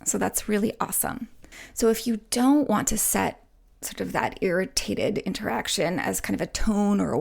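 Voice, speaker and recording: A woman podcast host and relationship coach answering listener questions, speaking softly and reassuringly, often dropping to a whisper and checking in with "right?". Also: medium pitch, gravelly. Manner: soft, gentle, often drops to a whisper.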